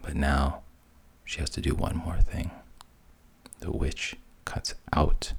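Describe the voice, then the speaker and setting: Man, whispered role-play storytelling, very slow, raspy, breathy. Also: a bass voice, level tone. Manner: hushed, breathy, unhurried retelling.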